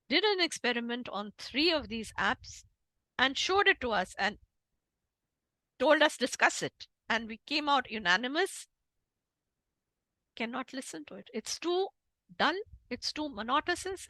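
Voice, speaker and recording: Woman, Indian English accent, high lively voice, emphatic lecturing style; dry close recording. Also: no room sound, poor audio. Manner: emphatic, animated lecturing with demonstrations. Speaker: guest speaker on interpreting. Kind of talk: online talk.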